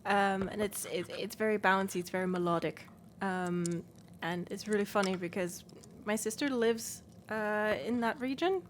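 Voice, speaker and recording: A woman's voice: mid-range voice, normal speed, few pauses. Native German woman, northern accent, casual streamer chat full of fillers, faint noise bed. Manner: chatty, explains with many fillers. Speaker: let's play streamer.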